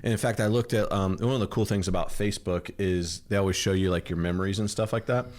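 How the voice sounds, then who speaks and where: A man's voice: sits low, steady tone, fast talker, a little mellow. A man hosting a podcast in casual chat, joking and rambling in a friendly way. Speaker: podcast host. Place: home office in kitchen.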